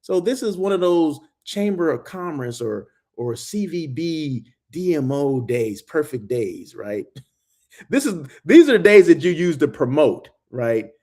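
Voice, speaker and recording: A middle-aged man hosting a live-streamed hospitality talk show, animated and emphatic, always checking in with "okay?" and "right?". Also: a little high, measured pace. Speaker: host of a daily hospitality show.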